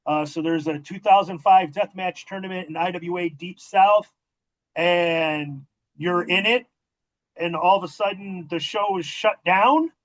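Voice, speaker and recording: A man's voice: sits high, unhurried. A man hosting a wrestling interview, telling backstage stories casually, with profanity and acted-out dialogue. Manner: profane, animated storytelling with quoted dialogue. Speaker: podcast host and former wrestling manager. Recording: dull lo-fi audio.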